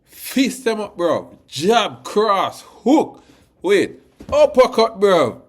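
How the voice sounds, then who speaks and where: A man's voice: a little high, very animated, unhurried. A man putting on a rowdy Jamaican-accented brawler. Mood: boisterous. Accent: Jamaican, put on. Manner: boisterous, shouting punches. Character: Jamaican-accented street fighter hyping a win.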